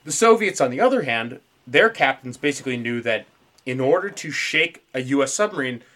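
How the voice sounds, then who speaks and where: Animated, bright-voiced man chatting profanely. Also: mid-range voice, brisk. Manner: profane, laughs a lot, animated storytelling. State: dry mouth. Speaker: podcast host. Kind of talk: casual conspiracy podcast chat.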